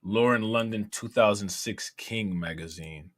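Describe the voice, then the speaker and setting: A man from Ohio, his voice on the low side and a little slow, hosts a casual livestream. His manner is loose and conversational; he laughs often, reads chat messages aloud and keeps asking "you know what I'm saying."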